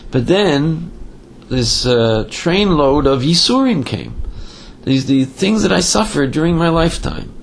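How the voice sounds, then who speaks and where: A man teaching a Torah class, telling a story with lively voices and sprinkling in Hebrew and Yiddish terms. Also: fairly high pitch, measured pace, creaky.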